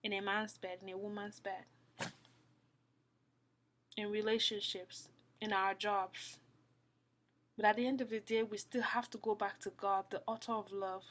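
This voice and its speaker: Earnest woman, soft pleading devotional talk. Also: mid-range voice, flat delivery, a little slow, pauses often. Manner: earnest, repeats phrases, drops to soft whispers. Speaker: Christian speaker. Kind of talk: heartfelt spoken devotional talk.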